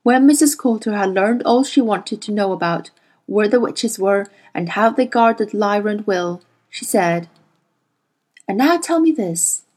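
A woman whose first language is Chinese, reading a fantasy novel aloud in a slow, deliberate storytelling manner. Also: mid-range voice, a little mellow. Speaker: audiobook reader.

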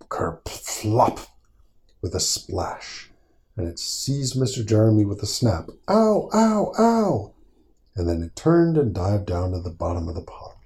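A man reading a picture book aloud to his small child at bedtime, gentle and patient, stopping to answer questions. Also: lowish voice, a little hiss or hum. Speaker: father reading a bedtime story.

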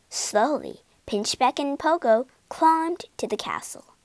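Slow, lively woman reading a storybook. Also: high-pitched, vocal fry, no echo. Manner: slow, lively storytelling with big character voices. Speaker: storybook reader. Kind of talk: expressive storybook read-aloud.

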